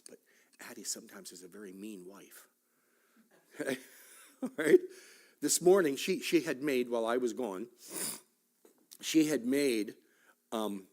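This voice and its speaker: A man teaching a Sunday school class at church, talking conversationally with joking asides and frequent checks like "right?" and "okay?". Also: on the low side.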